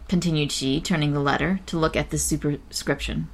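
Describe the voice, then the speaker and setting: A woman's voice: low voice, steady tone, brisk, creaky, hardly any pauses, slightly rough. A woman hosting a show and reading a classic novel aloud, stumbling now and then and breaking off for chatty asides. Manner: unpolished, stumbles and corrects herself, chatty asides. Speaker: reader and show host.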